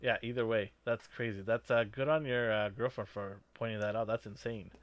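A man's voice: on the low side, a little fast, dry recording. Chatty man rambling through a film review. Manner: rambling, filler-heavy, animated reactions. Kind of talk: casual movie review chat.

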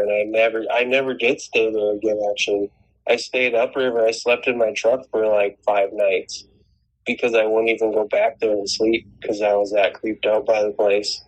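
On a low-quality recording, a man with a fairly low voice tells a long personal story in casual chat. He rambles and swears, restarting often.

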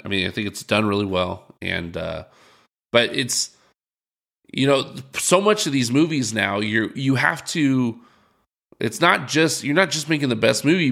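Brief: young male host, casual joking chat, crisp bright tone with gravel. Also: medium pitch. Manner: laid-back, joking. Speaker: podcast host.

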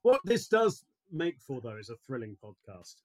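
A man's voice: medium pitch, sing-song, moderate pace, darkish tone, no room sound. A man co-hosting a casual podcast, teasing his co-host and giving wry opinions. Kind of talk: casual chat.

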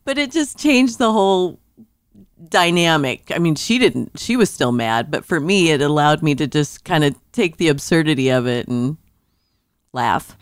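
A woman's voice: low-pitched, unhurried, smooth, dry recording, studio quality. A woman guest on a podcast, a caregiver telling stories in casual conversation and laughing often. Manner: lively storyteller who laughs often.

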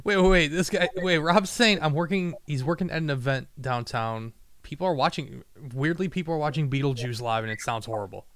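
A man co-hosting a loose podcast, quick to laugh and easily excited. His voice is smooth and resonant, a little higher than most men's, and the sound is dry and close. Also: no room sound. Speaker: podcast host. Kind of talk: casual chat.

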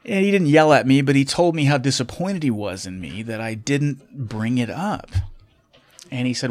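A man's voice: mid-range voice, expressive, moderate pace. Candid middle-aged man telling a story. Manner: candid, reflective, with frequent fillers and restarts. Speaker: former Marine officer and airline pilot telling a story. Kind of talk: casual storytelling.

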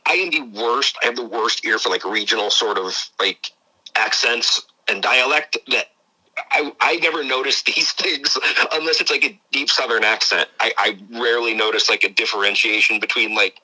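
A man's voice: mid-range voice, moderate pace, bright, forceful tone, poor audio. A man from Ohio with a Midwestern accent, a podcast guest who talks in a rambling, casual way and laughs often. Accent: Midwestern American. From Ohio, USA. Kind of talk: casual interview.

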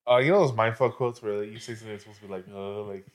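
A man's voice: fairly low pitch, fairly even intonation, very fast. A man co-hosting a casual podcast, jumping in with tangents and jokes. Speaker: podcast co-host. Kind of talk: casual chat.

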